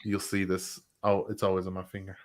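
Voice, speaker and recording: A man's voice: low-pitched, completely flat delivery, fairly quick. A man co-hosting a casual web show, chatting and teasing his co-hosts. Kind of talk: casual chat.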